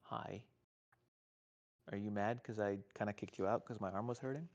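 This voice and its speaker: A man's voice: on the low side, moderate pace, dull audio. A man streaming live, chatting casually and rambling, sometimes cooing at his pet in a raised voice. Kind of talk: casual livestream chat.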